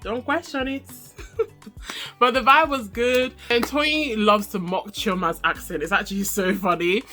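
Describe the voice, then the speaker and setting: Bright-voiced woman gossiping. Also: measured pace, faint music behind. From Nigeria. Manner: animated, laughs often, mimics people in high voices. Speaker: reality show reviewer. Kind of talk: casual chatty recap vlog.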